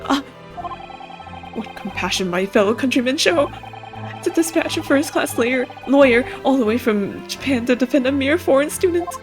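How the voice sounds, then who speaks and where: A woman's voice: mid-range voice, normal speed, pauses often, natural voice. A woman voicing a paranoid, theatrical young male Japanese student held as a prisoner, speaking in florid alliterative outbursts over game music. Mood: gushing. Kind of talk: reading game dialogue aloud on a live stream.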